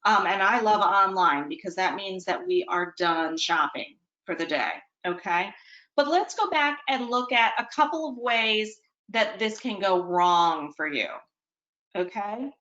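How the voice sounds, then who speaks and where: A woman leads a webinar for parents, chatting easily and pausing to check that her listeners follow. Her voice sits at an ordinary middle pitch. The audio is dull and lo-fi, like a home webinar feed. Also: lively intonation, pushed and bright, echoey room. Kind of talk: webinar presentation.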